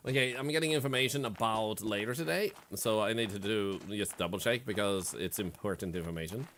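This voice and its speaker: A man streaming a game, giving an excitable, jokey running commentary with frequent swearing. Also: lowish voice, brisk, a little hiss or hum. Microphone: streaming mic.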